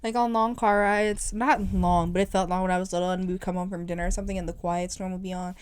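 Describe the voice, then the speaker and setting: A young woman in her twenties co-hosting a podcast in casual chat, blunt and animated, joking with her friend. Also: on the low side, quick pace, clear, resonant tone. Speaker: podcast co-host.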